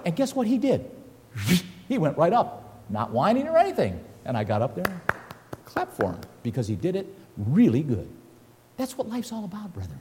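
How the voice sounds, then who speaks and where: A man's voice: a little high, wildly swooping pitch, normal speed, a little mellow, big-room sound, a little hiss or hum. An older man preaching a sermon at a lectern, telling folksy stories and reading scripture aloud. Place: church hall at a lectern.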